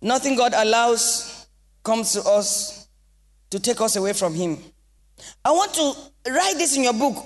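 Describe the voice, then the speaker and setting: A Nigerian woman pastor delivering an impassioned sermon with sing-song rises and shouted exclamations in a church hall. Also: a little high. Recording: long reverb of a large hall.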